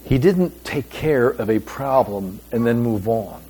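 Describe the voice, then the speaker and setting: A man's voice: mid-range voice, expressive, warm tone, breathy edge. Emphatic male pastor preaching. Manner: deliberate, emphatic delivery with pauses. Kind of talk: sermon.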